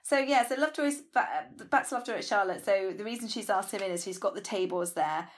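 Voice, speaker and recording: Woman, podcast co-host, quick talker, casual plot recaps, filler words. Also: medium pitch. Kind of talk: casual chat.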